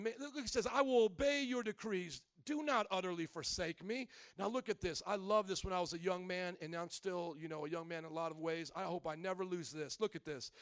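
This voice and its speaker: A man preaching a sermon as pastor, animated, acting out little scenes and calling out to the congregation. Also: high-pitched, no room sound, studio quality.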